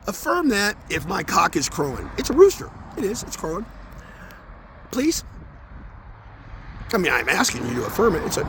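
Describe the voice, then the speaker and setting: A man walking outdoors and talking into his phone in an intense, rambling spiritual monologue, swearing often and swinging between mumbles and loud outbursts. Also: sits high, gravelly. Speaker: vlogger. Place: outdoors near traffic, walking. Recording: outdoor phone audio with street noise.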